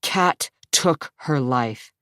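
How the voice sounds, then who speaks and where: A woman's voice: a bass voice, expressive, extremely slow, fairly bright tone, dry recording, clean studio sound, heavily acted. A woman reading an audiobook, voicing a brooding young man who speaks in curt, bitter, sarcastic bursts. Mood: harsh.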